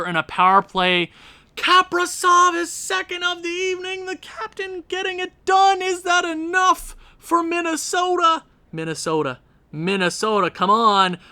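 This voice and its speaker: A young man commentating his own hockey video game, swinging from low muttering to shouting at his team. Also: clear, resonant tone. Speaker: gaming YouTuber.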